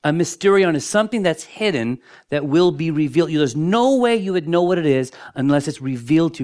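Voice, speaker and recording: A man preaching a sermon as pastor, shifting between strong emphasis and soft, hushed moments, often repeating words as he builds a point. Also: fairly high pitch, animated, brisk, hardly any pauses. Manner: dynamic preaching, dropping to near-whispers for emphasis.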